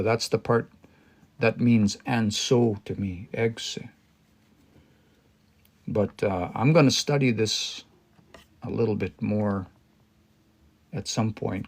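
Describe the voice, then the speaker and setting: On a casual live stream, a man studies a language as a learner, thinking aloud, pausing, restarting, and reading phrases slowly. His voice is fairly low and gravelly.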